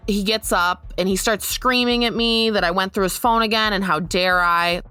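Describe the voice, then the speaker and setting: A young woman giving an earnest, measured personal account on a podcast, growing urgent at times. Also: medium pitch, steady tone, pushed and bright, clean tone, no echo. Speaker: interviewee recounting her experience.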